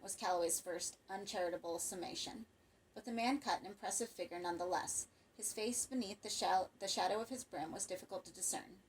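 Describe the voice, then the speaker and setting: Expressive woman reading a horror story. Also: medium pitch, brisk, slight background noise, rough recording. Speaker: audiobook narrator. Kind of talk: scripted narration.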